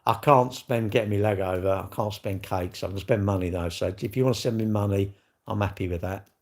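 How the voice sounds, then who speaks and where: A man's voice: lowish voice, fairly quick, a little mellow. An older man, chatting casually with viewers on a livestream, blunt and joking, swearing freely. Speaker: livestream host.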